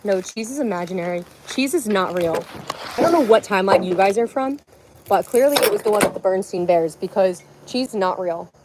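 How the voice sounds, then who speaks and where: Young woman, livestream host, loose giggly chatter with constant "like"s, mid-pitched, home setup. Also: lively intonation, a little fast, darkish tone, a little hiss or hum. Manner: rambling, filler-heavy, giggly. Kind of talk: casual livestream chat.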